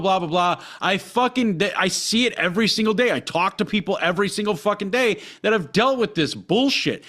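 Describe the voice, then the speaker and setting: Guy with a high voice ranting on a podcast, cussing nonstop, repeats himself a lot. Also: fairly bright tone. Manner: profane, heated, repetitive ranting. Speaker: podcast co-host.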